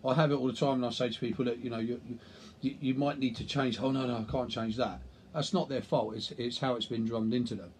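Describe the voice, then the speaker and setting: Here the same kind of casual vlog: a nutrition coach and personal trainer, blunt and offhand to camera with the odd curse. His mid-range voice moves fast with fairly even intonation and a slightly mellow quality, over light background noise.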